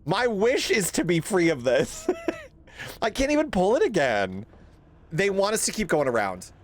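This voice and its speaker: A man's voice: high-pitched, huge pitch swings, a little slow. A young man giving jumpy, profane let's-play commentary on a horror game, laughing and complaining at the game. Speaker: gaming streamer.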